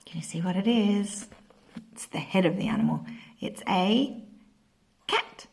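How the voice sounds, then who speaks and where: A woman's voice: medium pitch, lively intonation, measured pace, pauses often, a little mellow, a little hiss or hum. A woman teacher leading a playful animal-sounds lesson for children, imitating animal noises. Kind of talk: playful classroom video lesson.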